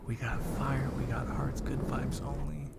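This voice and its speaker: A man hosting a whispered ASMR live chat, talking softly with his viewers. He is a bit congested. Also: mid-range voice, flat delivery, measured pace, gravelly, very noisy. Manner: soft whispering, chatting with viewers. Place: lying down.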